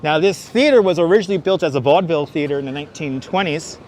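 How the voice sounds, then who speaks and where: Walking busy city streets live, a Brooklyn, New York host talks fast in a voice that's on the high side with a darkish tone. He rambles, chats, throws in jokes, and responds out loud to chat questions. Slight background noise comes through his wireless clip-on mic, with the phone on a gimbal.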